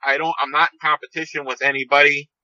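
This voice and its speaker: A man's voice: a little high, flat delivery, quick pace, pushed and bright, no echo. A man in his fifties, a podcast guest calling in by phone, telling stories in a rambling way that keeps repeating and restarting phrases. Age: 50s. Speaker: podcast guest, seed company owner. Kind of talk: casual storytelling interview. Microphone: phone call. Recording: dull, dry phone-call audio.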